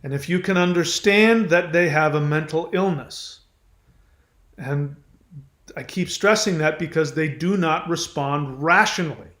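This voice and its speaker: A man's voice: fairly high pitch, measured pace, fairly bright tone. Man, host, conversational advice talk, stretches key words, roomy sound. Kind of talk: advice monologue. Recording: echoey room.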